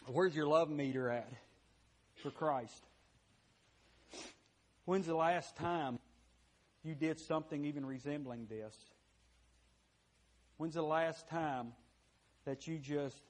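A fairly high-voiced man preaching a sermon to his congregation. He speaks in a plain, folksy way, rising into loud bursts and dropping to hushed, confessional tones. Words stumble and repeat as he presses each point. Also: husky. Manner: impassioned, swinging from loud to hushed; repeats words and restarts phrases while preaching. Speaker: pastor.

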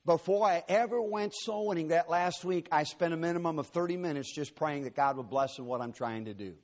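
A man's voice: a little high, brisk. Joking, storytelling preacher man. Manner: folksy, joking asides to the congregation. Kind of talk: sermon with storytelling.

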